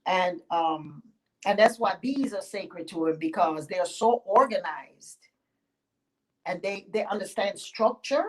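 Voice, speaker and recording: A woman spiritual teacher recounts a sacred tale in a lively, playful way. Her voice sits at a middle pitch, and she giggles and shifts into character voices as she goes. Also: a little slow, poor audio. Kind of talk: oral storytelling.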